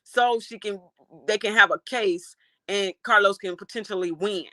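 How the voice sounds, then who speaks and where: Reacting to a case on a livestream, the host reads out chat comments, animated and outraged, swearing freely. The voice is mid-range at normal speed, with no room sound.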